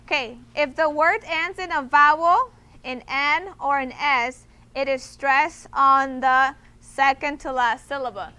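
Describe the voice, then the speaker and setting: High, bright-voiced woman teaching a class. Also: unhurried. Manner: patient, repeats "okay?" to check understanding. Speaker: Spanish teacher. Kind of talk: classroom instruction.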